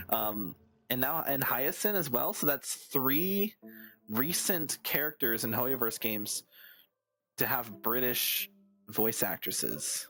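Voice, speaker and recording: A man's voice: mid-range voice, lively intonation, unhurried, a bit bright, soft background music. A man streaming a video game, chatting in a rambling, musing way as he plays. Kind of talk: casual gameplay commentary.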